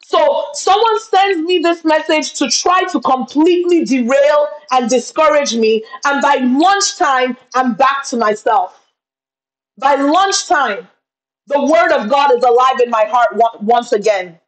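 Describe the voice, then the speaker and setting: A woman's voice: sits high, measured pace, low-quality recording. A woman business coach live-streaming on webcam, speaking with impassioned, preacher-like fervor and calling her viewers y'all. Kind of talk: live-streamed motivational talk. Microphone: video call webcam.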